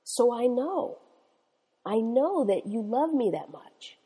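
A woman's voice: fairly high pitch, big pitch swings, slow pace, warm tone, breathy edge, in a large hall, voice pushed up, full character voice. A woman voicing her little daughter, a trusting and awed young girl. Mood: confident.

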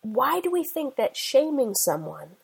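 A woman in her forties preaching a sermon, with emphatic, slowly stressed phrases. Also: high-pitched, very animated, creaky, breathy edge, poor audio. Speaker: Christian speaker.

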